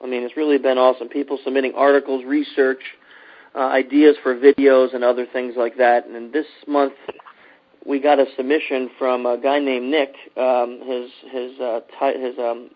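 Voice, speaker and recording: A man's voice: medium pitch, level tone, normal speed, dull audio. A man hosting a podcast in casual chat, loose and joking, with many fillers. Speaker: podcast host.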